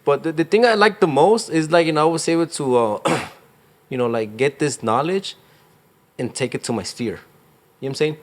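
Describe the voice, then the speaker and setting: A man's voice: fairly high pitch, moderate pace. A young man, a real estate agent, talking casually in an interview, rambling with lots of fillers and slang. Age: young adult.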